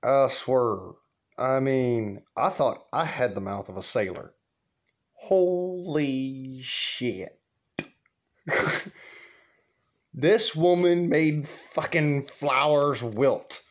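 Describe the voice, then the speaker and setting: A man's voice: mid-range voice, expressive, drawn-out words, pauses often. A man telling a profane, rambling story, laughing often. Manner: rambling, cussing, laughs a lot. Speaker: vlogger storyteller.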